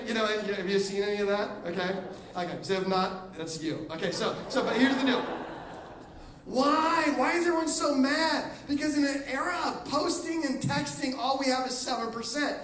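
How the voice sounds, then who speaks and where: A man's voice: extremely high pitch, roomy sound, recorded from a distance, a little hiss or hum, low-quality recording. A middle-aged man preaching as a guest pastor in a casual, joking sermon style, acting out little quotes as he goes. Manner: animated, joking, acts out quotes. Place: church auditorium.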